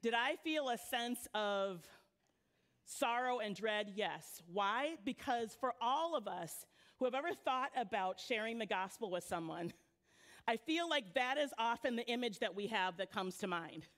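A woman youth pastor giving a church sermon, praying and then telling stories in a relaxed, conversational way with frequent laughter. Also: on the high side, unhurried. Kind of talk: sermon with storytelling. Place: church sanctuary.

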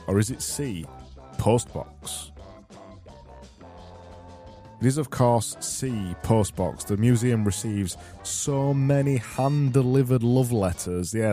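A man's voice: on the low side, warm tone. A man with a Barnsley accent hosting a solo podcast, rambling and self-mocking as he reads out quiz questions. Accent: Barnsley, Yorkshire. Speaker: podcast host.

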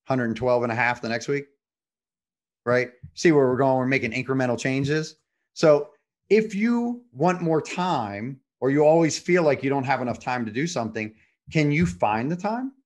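A man's voice: medium pitch, animated, moderate pace. A man hosting a podcast, coaching with a motivational tone and frequent rhetorical questions. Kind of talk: conversational podcast.

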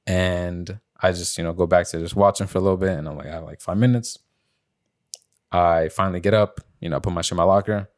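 Low-voiced man telling a story casually. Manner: animated, acts out quotes in a raised voice, swears often. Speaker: podcast co-host. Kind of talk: casual storytelling among friends.

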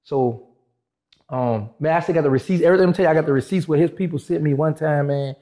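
A man's voice: a little high, fast talker. A man in a casual interview, telling a long story and acting out the dialogue of the people in it. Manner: animated, acts out quoted dialogue in shifting voices. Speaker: interview guest.

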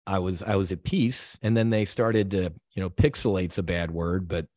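A man's voice: low-pitched, steady tone, moderate pace, darkish tone, no echo, studio quality. A man guest on a podcast, telling a personal story in an earnest, heartfelt way, with many restarts and repeated words.

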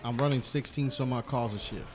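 A man's voice: mid-range voice, fairly quick. Rambling firefighter man, crowd noise. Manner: rambling, restarts, swears when worked up. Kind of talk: casual podcast chat.

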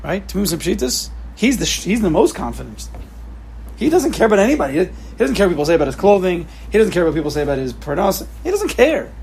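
Gravelly man lecturing emphatically. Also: high-pitched, big pitch swings, quick pace, darkish tone, a little hiss or hum. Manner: emphatic, repeats key phrases, mixes in Hebrew and Yiddish terms. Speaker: teacher giving a class. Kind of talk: informal lecture with questions to students.

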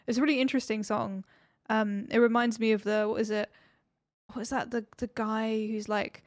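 Woman, 30s, relaxed podcast co-host, loose filler-heavy chat with casual swearing. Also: a little high, normal speed, dry recording.

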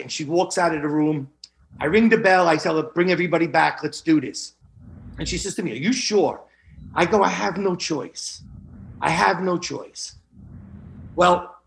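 A middle-aged man, a guest on an interview show, telling his own story earnestly and speaking straight to the listeners, often repeating words for emphasis. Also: high-pitched. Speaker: guest recounting illness.

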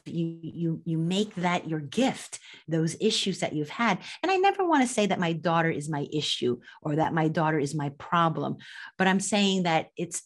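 Middle-aged woman, lowish voice, earnest interview guest who restarts sentences often. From United States. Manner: heartfelt, earnest, with frequent restarts. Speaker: estate planning attorney, podcast guest. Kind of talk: candid conversational interview.

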